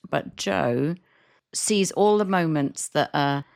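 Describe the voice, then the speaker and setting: Deep, gravelly woman podcast co-host. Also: slow, a little mellow. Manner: encouraging interviewer, prompting her co-host with questions. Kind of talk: casual podcast chat.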